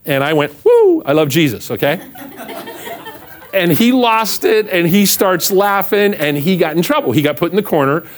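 A man's voice: high-pitched, normal speed. A middle-aged man, a pastor, telling a humorous personal story in a sermon, self-mocking and acting out the voices of the people in it.

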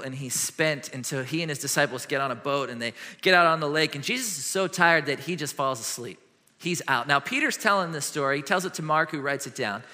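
A middle-aged man preaching a sermon as a pastor, telling stories with lively swings between loud and hushed. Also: fairly high pitch. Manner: animated storytelling with quick shifts from loud to hushed. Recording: long hall reverb.

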